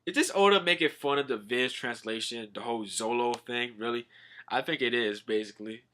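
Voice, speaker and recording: A man's voice: mid-range voice, a little fast, pushed and bright. A young man casually recapping a comic, rambling with "all like" quotes and swearing. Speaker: manga reviewer.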